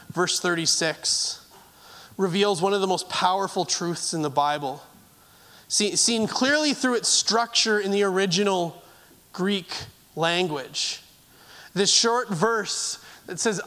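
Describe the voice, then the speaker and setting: A pastor with a high voice preaches a sermon earnestly but haltingly. He often restarts phrases and shifts between raised and hushed delivery.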